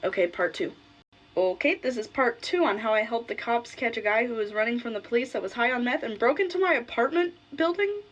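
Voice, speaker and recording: A woman's voice: on the high side, quick pace, muffled recording. A young adult woman vlogger telling a personal story in a casual, blunt way, swearing freely.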